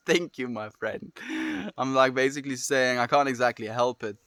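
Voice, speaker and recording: A man with a South African accent, chatting casually and gently with viewers on a livestream, often trailing off softly at the ends of phrases. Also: mid-range voice, a little slow, dry recording, clean studio sound. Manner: gentle, affirming, soft trailing endings.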